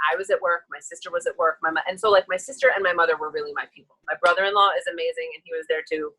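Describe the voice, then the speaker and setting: A woman's voice: on the low side, husky, poor audio. A woman guest candidly telling a long personal story, frank and emotional, acting out the people she quotes. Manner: animated, acts out quoted people in shifting voices; frank and emotional, rambling with fillers.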